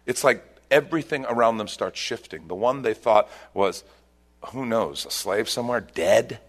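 A pastor delivers a sermon, telling a scripture story that moves between emphatic bursts and quieter, reflective stretches. His voice is medium in pitch and his pace is moderate.

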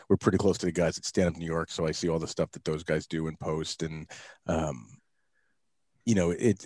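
A man's voice: low-pitched, no room sound, studio quality. An older man co-hosting a comedy podcast, rambling in a casual, self-deprecating way. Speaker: podcast co-host.

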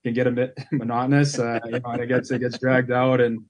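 A man's voice: mid-range voice, flat delivery, fast talker. A man who is an assistant hockey coach, chatting casually as a radio guest, rambling with fillers.

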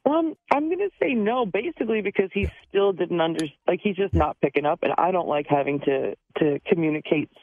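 A woman's voice: on the low side, expressive, brisk, few pauses, no echo. A woman calling in to a radio show, talking bluntly and sounding exasperated. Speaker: radio caller. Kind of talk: phone-in radio chat. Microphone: telephone. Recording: tinny phone line.

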